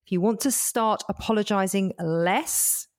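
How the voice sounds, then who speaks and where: A woman's voice: medium pitch, measured pace. A woman who works as a coach, co-hosting a podcast and steering the chat emphatically. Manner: emphatic, drives the discussion.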